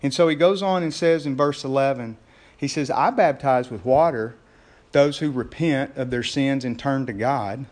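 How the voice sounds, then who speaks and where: With a medium-pitched voice at normal speed, a pastor preaches as if chatting, calling everyone "gang." His delivery climbs to loud excitement whenever he acts out a scene.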